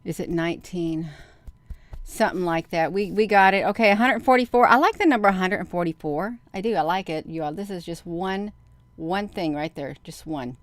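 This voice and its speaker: A middle-aged woman hosting a video, chatting casually to viewers, counting out loud and getting excited. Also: lowish voice, normal speed, dry recording. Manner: counts aloud, talks straight to viewers. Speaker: video host. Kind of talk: casual screen-share commentary.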